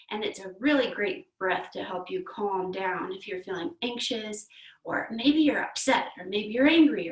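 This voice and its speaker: A young woman guiding children through breathing exercises and yoga poses in a gentle, encouraging, playful way. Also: a little high, recorded from a distance. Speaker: kids yoga teacher. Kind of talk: guided kids yoga instruction. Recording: echoey room, away from the mic.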